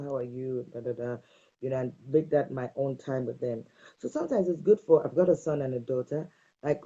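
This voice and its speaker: Woman doing a parenting talk, warm husky voice, punchy repeated tips, kinda dull lo-fi sound. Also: rumbling low. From Nigeria. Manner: emphatic, repeats advice as short commands. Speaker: parenting speaker. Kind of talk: direct-to-camera parenting talk.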